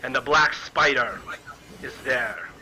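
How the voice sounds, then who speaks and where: A man voicing a lustful, shifty male prisoner in a tabletop game, giving up what he knows slowly and hesitantly. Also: medium pitch, bright, forceful tone, slight background noise, voice pushed down, rough recording. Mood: confiding.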